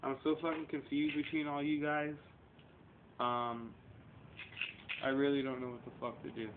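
A man's voice: mid-range voice, flat delivery, moderate pace. A man in his thirties, talking straight to camera in a rambling, profane vlog that swings between confrontation and emotion. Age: 30s. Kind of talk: casual vlog rant. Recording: tinny lo-fi webcam audio with faint noise.

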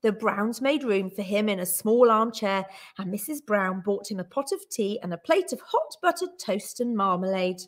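A woman teacher reading a children's story aloud with expressive, animated storytelling. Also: mid-range voice, moderate pace, hardly any pauses.

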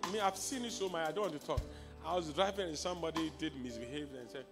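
A Ghanaian man in his forties preaching a sermon, swinging from hushed storytelling to shouting. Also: fairly high pitch, fast talker, over music. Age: 40s. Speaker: pastor.

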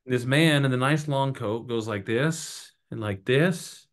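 Motivational male guest, mid-pitched, preachy storyteller, punchy repeats. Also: slow. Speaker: podcast guest. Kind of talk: motivational interview talk.

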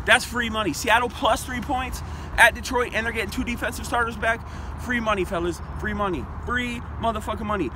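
Brash high-voiced guy hyping sports picks. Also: background noise. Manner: brash, boastful, profane hype talk. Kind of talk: hyped comedic sports betting vlog. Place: outdoors in a store parking lot by a car.

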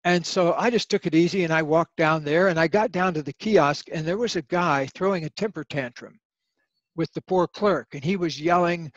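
A man's voice: on the high side, normal speed, no echo, muffled recording. An older man, a guest author, telling stories in a podcast interview and acting out the voices in his anecdotes. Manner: animated storyteller, acts out voices in anecdotes.

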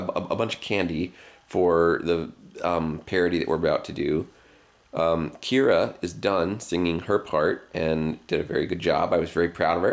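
A man chatting casually in a family vlog, rambling and joking, with lots of "like". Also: low voice. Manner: rambling, jokey, full of "like" and restarts. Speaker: family vlogger.

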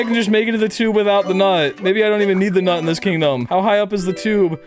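A young man giving loud, jokey gameplay commentary, yelping and shouting at his mistakes and talking to his chat. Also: high voice, fast, few pauses, soft background music. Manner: loud, excitable, frequent yelps and shouts; jokey, crude, talks to chat. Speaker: gaming YouTuber.

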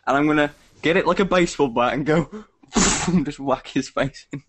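A man playing a tabletop game, laid-back and halting as he lays out his plans. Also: a little high, a bit bright, breathy edge, no echo. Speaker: player. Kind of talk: casual tabletop chat.

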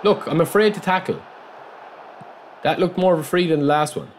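A man's voice: fairly high pitch, fairly quick, a little hiss or hum. A man commentating casually on his own football video game match, chatting to viewers and yelping at big moments. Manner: excitable, yelps and shouts at goals, chatty asides to viewers. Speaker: gameplay commentator. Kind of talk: casual let's-play commentary.

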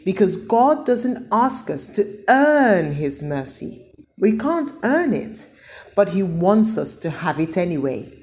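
Slow, lively-voiced woman teaching children. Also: mid-range voice. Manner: slow, asking children questions. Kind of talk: children's sermon.

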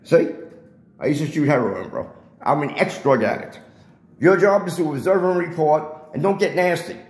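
Man, high-pitched, argumentative, lecturing tone, phone recording, echoey building hallway. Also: animated, moderate pace. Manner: confrontational, lecturing, repeats himself. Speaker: resident filming a confrontation. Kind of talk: heated confrontation, filmed on phone. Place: public area of a residential building, indoors. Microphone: handheld phone camera.

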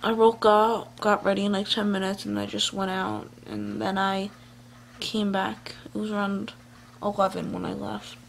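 A woman vlogging at home into a handheld phone, rambling loosely with plenty of fillers and false starts. Her voice has a gravelly, fry-laden edge. A faint hiss sits under the recording. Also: mid-range voice, steady tone, moderate pace. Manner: meandering, full of fillers and restarts. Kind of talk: casual rambling vlog. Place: at home, indoors. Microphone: handheld phone camera.

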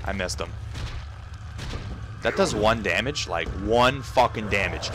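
A man's voice: lowish voice, big pitch swings, a little slow, pauses often, a little hiss or hum. Frantic swearing young man gaming. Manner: frantic, swearing, yelps and shouts. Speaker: gameplay commentator. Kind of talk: profane let's-play commentary.

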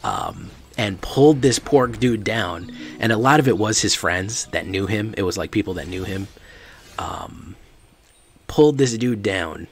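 A man with a lowish voice and audible vocal fry streams a card game, talking casually and rambling along with lots of fillers and laughs. Faint background noise can be heard.

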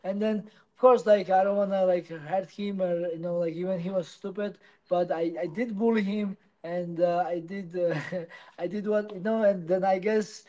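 Interviewee, man, English speaker, halting delivery, high and mellow. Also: fairly even intonation, poor audio. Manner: halting, non-native English with many restarts. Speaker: interviewee, professional fighter. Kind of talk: casual interview answers.

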